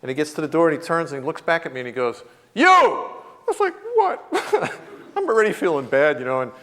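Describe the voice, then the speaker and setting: Very animated and quick, a fiftysomething guest lecturer tells funny stories at a university with a fairly high-pitched voice. He acts out the characters' voices and laughs a lot along the way.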